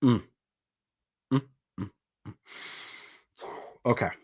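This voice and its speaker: A man hosting a casual livestream, talking back at the screen and breaking into laughter and shouts. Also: drawn-out words. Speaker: livestream host.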